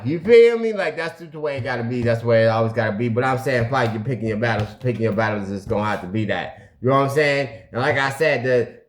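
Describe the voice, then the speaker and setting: A man hosting a recovery channel, telling a story to his camera in a casual, animated way, acting out phone calls and making sound effects, and saying "you know what I'm saying" again and again. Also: mid-range voice, quick pace. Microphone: video camera.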